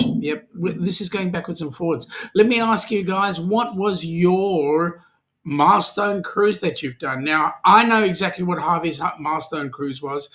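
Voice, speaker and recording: An Australian man hosts a casual livestream chat, cracking jokes and reading viewer comments aloud. His voice is fairly high-pitched and a bit bright.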